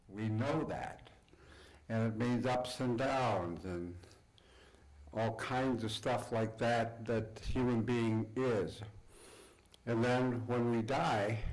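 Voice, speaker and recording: An older man giving an acceptance speech to an audience, telling stories from his upbringing in an unhurried, reflective way with pauses. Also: medium pitch, darkish tone, poor audio. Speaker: award recipient giving a speech. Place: event hall before an audience.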